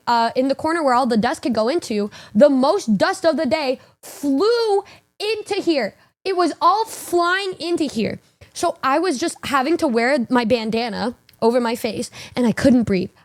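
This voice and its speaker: A young woman streamer telling a casual story, animated, swearing and laughing through it. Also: high voice, normal speed.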